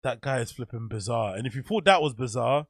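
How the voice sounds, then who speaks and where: A man's voice: mid-range voice, animated, fairly quick, no room sound, clean studio sound. A man streaming casual reaction commentary, incredulous and laughing often.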